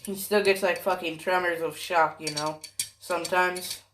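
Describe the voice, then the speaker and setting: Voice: mid-range voice, steady tone, normal speed, background noise. A fan storyteller rambling through an improvised story, swearing often and correcting themselves mid-sentence. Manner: rambling, profane, self-correcting, many fillers.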